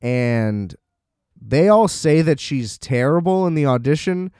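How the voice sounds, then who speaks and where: A man's voice: on the high side, expressive, measured pace, a little mellow, clean tone, no echo, studio quality. A young man giving a casual, sarcastic movie recap, swearing and laughing often.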